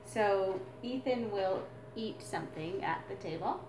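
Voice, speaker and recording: A woman's voice: medium pitch, a little slow, heavy background noise. Earnest woman explaining in an echoey room. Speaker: drumming teacher and mother. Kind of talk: explaining a parenting exercise.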